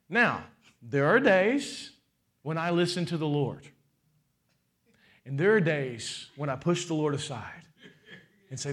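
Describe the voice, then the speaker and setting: This sermon comes from a pastor in his forties who talks slowly and pauses at length. He asks the crowd rhetorical questions, varying his pitch and loudness with spirit, and drops in playful asides.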